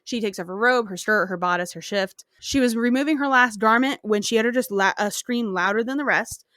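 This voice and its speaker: A woman's voice: fairly high pitch, a little fast, fairly bright tone, no room sound, studio quality. A woman podcast host casually retelling a folk tale, cursing and joking as she goes. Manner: profane, slangy and joking.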